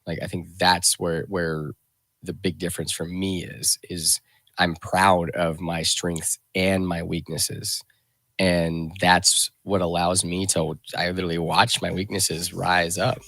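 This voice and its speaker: A man hosting a radio talk show, speaking reflectively in a rambling, halting way full of restarts and fillers. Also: deep voice, little pitch movement, creaky, fairly bright tone, dry recording.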